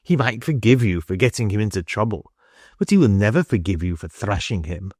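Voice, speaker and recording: A man voicing a thoughtful older rector in an audiobook, speaking in a calm, measured way. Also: fairly low pitch, dry recording, studio quality.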